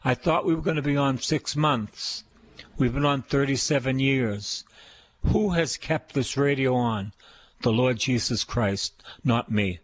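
Older boston guy preaching on the radio, slow, husky, keeps repeating himself for emphasis. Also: mid-range voice. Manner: repetitive, emphatic preaching with call-and-response praise. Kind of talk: sermon.

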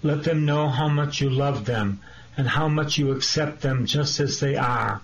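Slow, earnest preaching priest, lo-fi. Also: male voice, medium pitch, gravelly. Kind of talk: sermon.

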